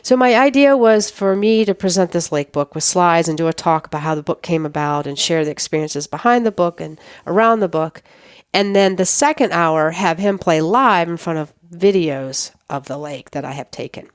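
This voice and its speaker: Middle-aged woman interview guest, animated storyteller, lowish smooth voice, close and dry. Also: normal speed, no echo. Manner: animated storyteller who acts out quoted dialogue.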